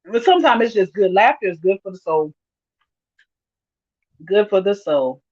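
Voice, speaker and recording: A woman's voice: medium pitch, big pitch swings, moderate pace, darkish tone, no room sound, dull audio. A woman hosting a casual livestream, reading viewer comments aloud and laughing often. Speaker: livestream host reading chat.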